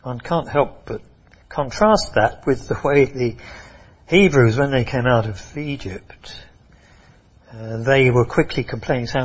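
A man preaching a sermon, emphatic and expressive, often repeating and restarting phrases. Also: medium pitch, unhurried, breathy edge, highs cut off.

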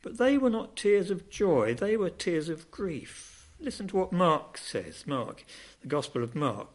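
Male preacher, fairly high voice, dramatic sermon delivery with big swings in pitch. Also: sing-song, unhurried. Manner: dramatic, rising and falling emphasis.

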